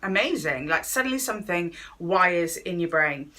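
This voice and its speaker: A woman's voice: lowish voice, animated, normal speed, pushed and bright. A woman giving a chatty talk on workplace wellness, speaking straight to viewers and acting out quoted voices along the way. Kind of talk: direct-to-camera talk to viewers.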